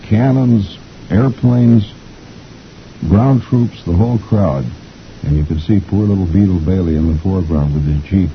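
A man's voice: low-pitched, measured pace, gravelly, lo-fi sound, a little hiss or hum. A middle-aged man hosting a chatty reading of the comics, folksy and rambling, chuckling often. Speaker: host reading the comics aloud.

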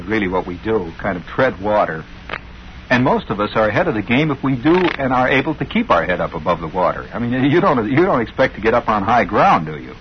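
A middle-aged man hosting a radio show, telling a rambling story with wry, sardonic asides. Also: on the low side. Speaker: radio host. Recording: dull lo-fi old radio broadcast, faint hiss.

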